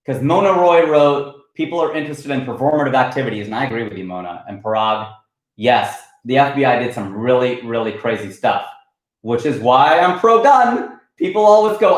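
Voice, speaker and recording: A comedian hosts his weekly livestream, riffing casually and reading viewer comments in a lively, animated manner. His voice is medium-pitched at a moderate pace, and the rough recording sounds reverberant.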